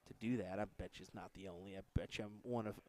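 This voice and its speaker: A man's voice: on the low side, fairly even intonation, racing, dark tone. A man with an American accent hosting casual live-stream darts commentary, chatting with viewers between matches. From United States.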